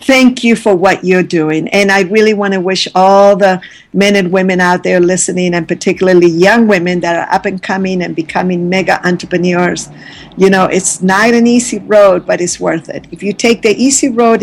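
A woman guest on an interview, a lively storyteller who acts out the voices of the people she quotes. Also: fairly low pitch, normal speed. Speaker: guest, business educator.

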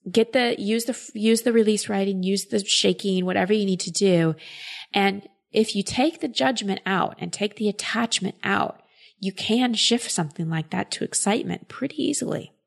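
A woman's voice: medium pitch, normal speed, gravelly. A woman coach giving advice in a casual chat, explaining thoughtfully with frequent filler words.

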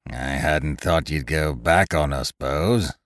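A man voicing a beaten, mournful pirate who speaks in rough rustic grammar. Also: extremely low pitch, takes it slowly, dry recording, studio quality. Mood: reproachful. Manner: pleading, mournful, dialect grammar.

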